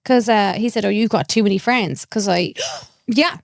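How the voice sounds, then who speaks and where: Irish woman, thirties, gravelly voice, animated storyteller, dry close sound. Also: mid-range voice, normal speed, dry recording. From Ireland. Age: 30s. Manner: animated storytelling with acted-out quotes. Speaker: podcast guest, comedian. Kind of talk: casual chat.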